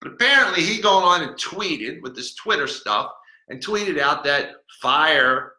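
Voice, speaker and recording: A cranky, boastful talking bottle, as a man hosting a comedy podcast puts it on rambles and mocks, tripping over his words. The voice is sharp and strained, sitting a little high. It rings in an echoey room. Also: animated, a little slow. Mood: mocking. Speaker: podcast host.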